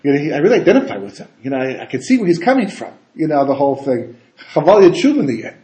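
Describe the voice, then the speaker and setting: A man giving a casual Torah talk as a rabbi, animated and full of rhetorical questions and asides. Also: a little high, rapid-fire. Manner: animated, rhetorical questions, frequent "you know" and "right?". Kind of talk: casual conversational Torah lecture. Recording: echoey room.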